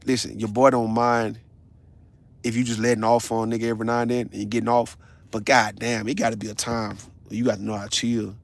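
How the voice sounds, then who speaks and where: A man, ranting on a casual livestream in a blunt, profane, animated storytelling way. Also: fairly low pitch, fairly quick, creaky, no echo. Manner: blunt, confrontational.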